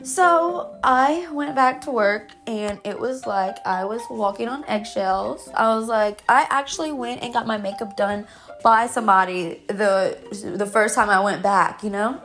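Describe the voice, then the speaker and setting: A woman's voice: on the high side, measured pace, fairly bright tone, faint music behind. A woman telling a personal story in a casual, rambling way, full of "like" fillers and restarts. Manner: rambling, heavy with "like" fillers and self-corrections; emotional, breaks into laughs. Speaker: storyteller recounting her own experience.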